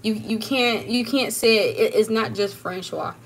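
A woman's voice: fairly high pitch, fairly even intonation, moderate pace, slight background noise. A young woman chatting casually on a livestream, answering viewers while moving around her kitchen, laughing and emphatic. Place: home kitchen.

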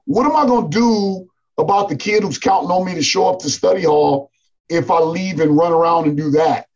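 A basketball coach talking in a casual podcast conversation, telling animated stories and often dropping "man" and "like". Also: fairly high pitch, brisk, highs cut off. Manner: animated storytelling, frequent "man" and "like".

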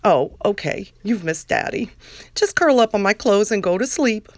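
A woman voicing a crude, lecherous, bossy man in a comic reading of a fan-written scene, with a flat, low-key commanding delivery. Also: normal speed, dry recording, studio quality, lightly acted. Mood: smug, bossy.

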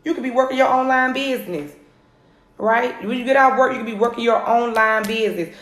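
A woman, coaching viewers on a live phone video from home, energetic and repeating her points. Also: a little high, brisk. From Atlanta area, US. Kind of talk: live social media coaching. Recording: roomy phone recording.

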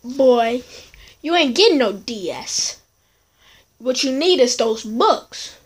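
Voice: mid-range voice, expressive, takes it slowly. A young performer voicing a strict mother who scolds her son in a comedy skit, stern and dismissive. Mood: scolding.

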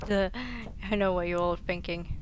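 A woman's voice: fairly low pitch, flat delivery, normal speed, muffled recording, slight background noise. A young woman with a Swedish accent, a native Swedish speaker, chatting and joking casually while streaming a game. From Sweden.

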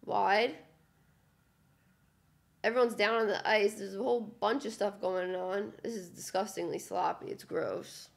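A young woman gives running play-by-play of a hockey game as she watches it live, her voice carrying a gravelly fry. She sounds exasperated and groans whenever the play gets sloppy. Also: mid-range voice, steady tone, unhurried.

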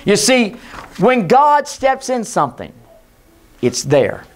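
A pastor giving an emphatic sermon in a church, sometimes hushed and sometimes shouting, and calling on the congregation to repeat his words. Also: high voice, big pitch swings, slow. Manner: leads the congregation in call and response. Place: church sanctuary.

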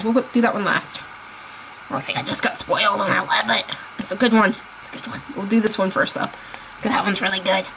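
A woman chatting casually as she unboxes toys, gushing and excitable, laughing often. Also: on the high side, noisy background. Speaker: unboxing vlogger.

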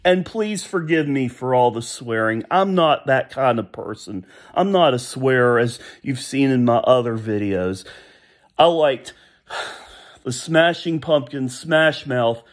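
This vlogger is a man in his thirties with an expressive, slow, mid-range voice. His casual opinion monologue wanders through nostalgic memories, broken up by hummed and sung bits of old tunes.

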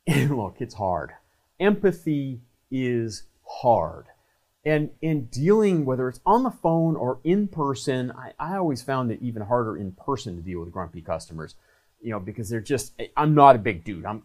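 A man's voice: medium pitch, a little mellow. A man hosting a talk, giving earnest, conversational advice in short repeated phrases. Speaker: host and trainer. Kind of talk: casual advice monologue.

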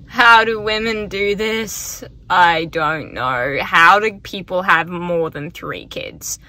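Speaking slowly in a lowish voice that sounds pushed and bright, a young woman rambles through a casual vlog diary, saying "like" constantly. Illness has left her tired and weak, and she records on a bus and later in a car.

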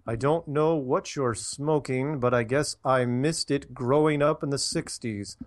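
A man's voice: mid-range voice, unhurried, voice pushed up, lightly acted. A man voicing an outraged, scornful older male troll reading his own angry email. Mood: indignant.

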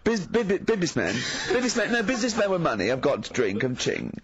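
A man's voice: high voice, huge pitch swings, fast talker, lo-fi sound, noisy background. A man hosting a radio show in casual banter, teasing his co-hosts and laughing often. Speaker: radio host.

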